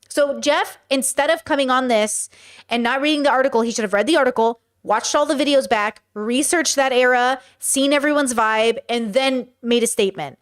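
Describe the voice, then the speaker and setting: A woman hosting a podcast, giving blunt, chatty commentary and reading out viewer chat, swearing freely. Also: high voice. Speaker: podcast host reacting to a clip.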